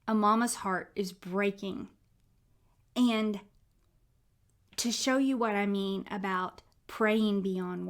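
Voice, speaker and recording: A woman in her thirties or forties talks candidly about her own prayer life. Her delivery is heartfelt and conversational, like a personal faith testimony told to a friend. Her voice sits at an ordinary middle pitch. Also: fairly bright tone. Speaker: Christian speaker sharing her prayer life.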